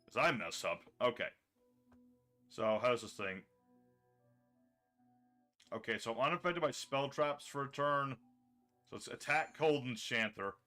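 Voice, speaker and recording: A chatty man streams a card game live, talking through each play in a bright, forceful voice. He reads his chat and answers it as he goes. Faint music plays underneath. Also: mid-range voice, lively intonation, a little slow, pauses often. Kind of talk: casual livestream commentary.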